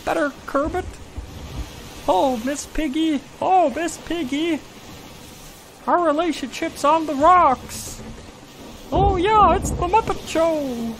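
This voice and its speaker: A man doing an impression of a weary, downtrodden male frog puppet, with a squeezed, quiet throaty voice and a Midwestern tinge. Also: very high-pitched, slow pace, pauses often, voice pushed up, exaggerated voice, poor audio. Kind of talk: impression during a game stream. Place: home room.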